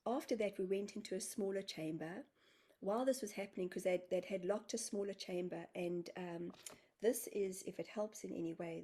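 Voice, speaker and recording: A woman's voice: medium pitch, warm tone, breathy edge. A woman from South Africa, a guest healer, telling a story in a casual interview and acting out her own quoted words with energy. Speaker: guest healer and spiritual medium.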